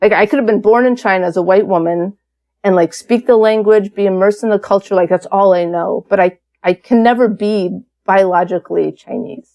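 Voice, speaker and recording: A woman's voice: mid-range voice, a little fast. A woman guest on an interview podcast, telling her story in a casual, candid way with lots of fillers. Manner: chatty, many fillers, animated and candid.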